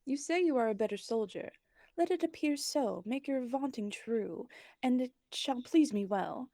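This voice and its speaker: A woman's voice: on the high side, expressive, normal speed, dark tone, no room sound. A woman reads a scornful, defiant Roman nobleman. The delivery is plain and unpolished, with a few stumbles over the old words. The sound is dry and close. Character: stern Roman nobleman Brutus, male, scornful. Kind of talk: dramatic reading of a play.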